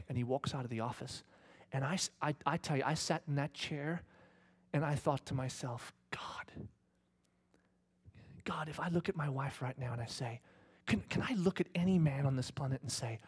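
A middle-aged male pastor preaching a sermon and retelling a story dramatically, dropping to hushed whispers and rising to loud shouts. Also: mid-range voice, normal speed, breathy edge.

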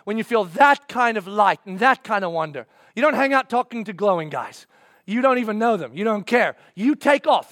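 A man preaching a sermon, acting out scenes in voices and swinging from loud bursts to hushed, slow passages. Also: very high voice, no echo, clean studio sound.

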